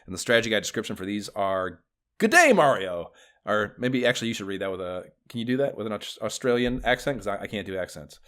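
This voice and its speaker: A man co-hosting a podcast, chatting casually about retro video games, excitable, swearing freely and laughing often. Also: on the low side, quick pace. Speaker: podcast co-host.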